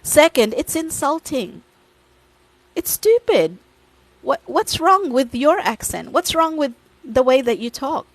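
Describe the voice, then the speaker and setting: A woman's voice: high-pitched, big pitch swings, slow, no echo, low-quality recording. A woman hosting a podcast, giving blunt, profane advice and switching between English and Tagalog. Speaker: podcast host.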